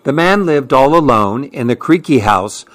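A man reading a children's storybook aloud in a gentle, unhurried, expressive way. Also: mid-range voice.

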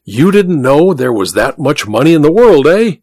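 A man's voice: fairly high pitch, big pitch swings, moderate pace, a little mellow, no echo, clean studio sound. A man reading aloud, voicing a boisterous wealthy club member in a hearty, blustering manner.

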